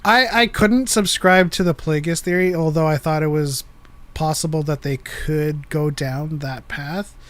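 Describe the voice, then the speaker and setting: A man on a casual fan podcast lays out his reasoning in careful detail. His voice is a little high for a man. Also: steady tone, measured pace, fairly bright tone. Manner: detailed, explanatory. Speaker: podcast co-host.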